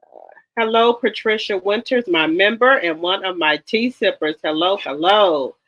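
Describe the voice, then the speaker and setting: A livestream host chatting casually with viewers, greeting them one by one with repeated hellos and often pausing with ums. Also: medium pitch, a bit bright. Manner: chatty, with frequent ums and restarts. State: a little tired. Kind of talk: casual live-stream chat. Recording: slightly dull lo-fi sound.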